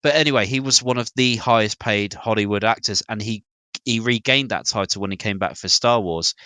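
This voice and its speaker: A man's voice: on the low side, brisk, bright, forceful tone, no echo. A British man co-hosting a casual gaming podcast, chatty and a little hesitant, telling stories as he talks. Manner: chatty, hesitant with fillers, storytelling. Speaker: podcast co-host. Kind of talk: casual gaming news chat.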